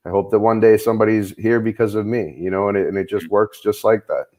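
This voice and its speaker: A man with a low voice talks earnestly on a live chat show. He rambles, repeats words and restarts his sentences often. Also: steady tone, fast, warm tone. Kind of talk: casual chat.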